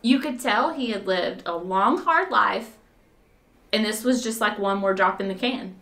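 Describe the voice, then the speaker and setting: A woman's voice: medium pitch, a little slow, fairly bright tone. A woman volunteer telling a story in conversation, rambling with fillers and restarts and often breaking into laughter.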